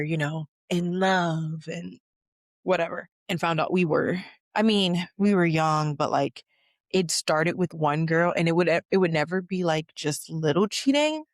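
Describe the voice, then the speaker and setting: A woman's voice: sits low, no echo, clean studio sound. A woman hosting a podcast, replying in casual, emphatic chat and swearing freely. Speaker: podcast host.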